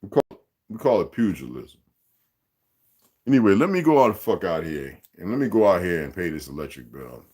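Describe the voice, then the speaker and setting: A man's voice: deep voice, very animated, moderate pace, warm tone, breathy edge. A man in his sixties hosting a livestream, speaking in a rambling, profane, streetwise rant aimed straight at his viewers and chat. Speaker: livestream host.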